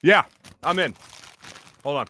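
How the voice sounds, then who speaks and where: A man's voice: a little high, unhurried, sharp tone, dry recording. A young man from Philadelphia hosting his own sports talk show from a studio, chatting casually and loosely with many fillers and restarts.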